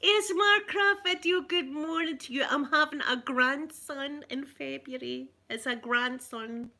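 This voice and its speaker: A middle-aged Scottish ASMR livestream host speaks in a high, unhurried voice that sounds pushed and bright. She chats casually with those watching live, addressing them by name and laughing often.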